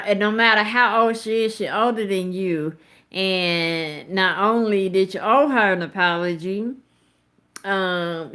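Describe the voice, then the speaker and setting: The host of a live commentary show, a woman in her thirties, talks to her viewers directly and casually. Her medium-pitched, fairly bright voice carries blunt, emphatic remarks peppered with profanity.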